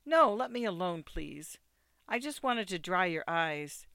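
Give me a reader doing a giddy, impetuous girl-bride, high, smooth and close to the mic. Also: big pitch swings, measured pace, bright, forceful tone, no room sound, exaggerated voice. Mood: playful. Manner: vivacious, teasing, impetuous. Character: lively childlike young bride, girl. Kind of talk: audiobook character voice.

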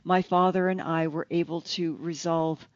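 An audiobook narrator reading the lines of a grieving man who speaks calmly and quietly. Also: mid-range voice, moderate pace, no room sound, close to an everyday voice. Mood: restrained. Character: grieving man on a video call, restrained. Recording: slightly dull, dry lo-fi recording.

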